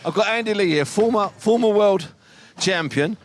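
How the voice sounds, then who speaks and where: A man's voice: sits high, moderate pace. A man hosting a boxing podcast, chatty and emphatic, rambling between topics. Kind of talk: lively ringside radio chat.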